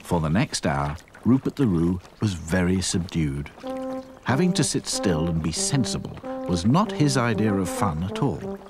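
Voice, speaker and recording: Male children's cartoon narrator, very animated storybook delivery, faint music behind. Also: low-pitched, unhurried. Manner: animated, expressive.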